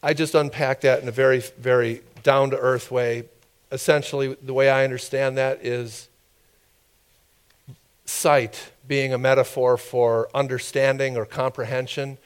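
A man's voice: mid-range voice, little pitch movement, a little slow, clean tone. A man preaching a sermon in an informal, conversational way, with asides and questions to the congregation.

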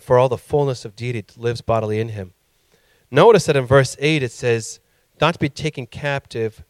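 A man's voice: mid-range voice, dry recording. A male pastor preaching a sermon with impassioned emphasis that rises to emphatic peaks.

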